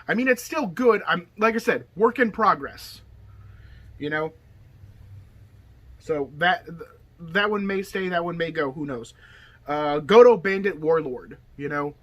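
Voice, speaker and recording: In a relaxed hobby video, a man with a slightly high, fairly bright voice rambles about his card game deck as a deck tech host. His chatty talk is full of okay and you know.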